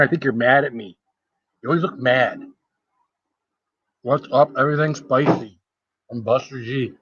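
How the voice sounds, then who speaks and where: A man's voice: medium pitch, no echo, muffled recording. Chatty man rambling through a live stream. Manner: rambling and chatty, greets viewers by name. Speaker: food challenge livestreamer. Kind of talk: casual live-stream chat while eating.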